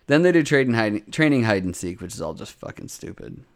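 This podcast co-host is a man with a fairly low pitch and a brisk pace. Chatting casually through an anime recap, he swears and gets animated, voicing the characters' lines loudly.

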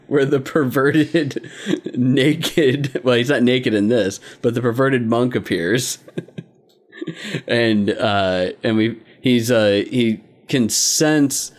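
A man's voice: mid-range voice, drawn-out words, pauses often. A man co-hosting a casual podcast, recapping anime episodes, laughing often and rambling with restarts. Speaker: podcast co-host.

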